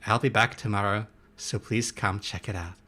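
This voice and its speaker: A young man giving live commentary on a horror game, excitable and quick to swear and yelp at scares while reading his chat aloud. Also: lowish voice. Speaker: streamer playing a horror game.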